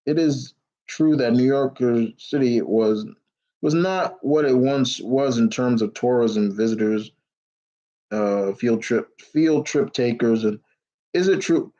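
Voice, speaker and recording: A young man talks slowly in a dark, medium-pitched voice while hosting an informal live stream where he answers viewer questions. He's rambling and blunt and swears freely, and the recording has its highs cut off.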